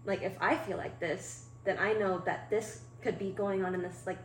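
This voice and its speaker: Thoughtful woman guest, slow and measured. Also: medium pitch, fairly even intonation, slight background noise. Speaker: podcast guest, singer and poet. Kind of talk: reflective interview talk. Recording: echoey room, faint music.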